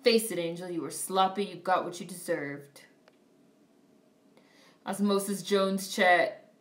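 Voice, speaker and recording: A woman on a casual live stream who reads viewer comments aloud and reacts to a film in a blunt, profane, animated way. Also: lowish voice, measured pace, distant mic. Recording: roomy, off-mic sound.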